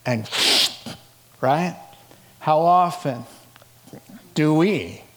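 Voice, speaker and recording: A pastor preaching a sermon, telling stories with acted-out voices and joking with laughs between lines. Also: male voice, on the high side, extremely slow. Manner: animated, acts out voices in his stories. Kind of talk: sermon with storytelling.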